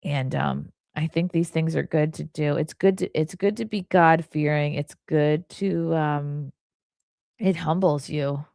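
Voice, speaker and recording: A woman's voice: sits low, fairly even intonation, a little slow, gravelly, a little mellow, no room sound, studio quality. A woman hosting a livestream in a casual, rambling way, full of "like" and earnest asides, reading viewer comments between stories. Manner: rambling and chatty, heavy use of "like". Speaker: livestream host.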